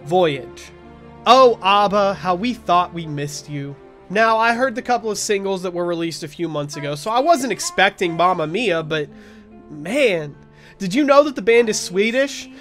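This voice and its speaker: A man's voice: sits high, lively intonation, normal speed, fairly bright tone. A man hosting a weekly music review show, reading scripted album verdicts in a wry, blunt way.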